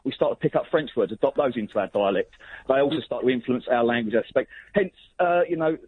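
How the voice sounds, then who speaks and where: A man calls in to a radio show. He talks fast and easily, husky and matey, and calls the host "mate". His voice comes through a thin, tinny phone line. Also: mid-range voice, no room sound. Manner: casual, matey and chatty. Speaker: caller. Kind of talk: phone-in call. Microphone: telephone.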